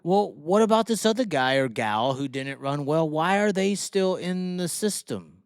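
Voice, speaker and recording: A man's voice: a little high, animated, unhurried, smooth, no echo, clean studio sound. A man hosting a racing show, ranting heatedly and swearing as he mocks fans and reads the chat. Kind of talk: profane opinion rant on livestream.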